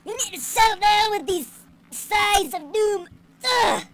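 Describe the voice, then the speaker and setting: A woman's voice: very high-pitched, lively intonation, unhurried, pitched above the performer's own voice. A woman putting on the voice of a grumpy old man out for a walk, scolding and cranky, over a noisy home mic.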